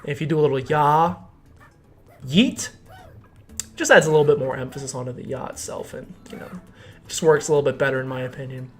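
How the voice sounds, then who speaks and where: A young man talking his way through a game stream in a rambling, jokey way, delivering mock-serious little explanations. His voice sits at an ordinary middle pitch. Faint game music plays underneath. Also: fairly quick, pauses often. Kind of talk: casual gameplay commentary.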